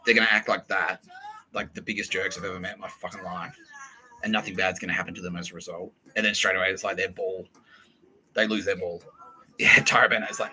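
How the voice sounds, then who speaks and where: Telling a comedy story on his podcast at normal speed, a low-pitched Australian man curses freely and animatedly acts out the other people's voices. The audio is poor.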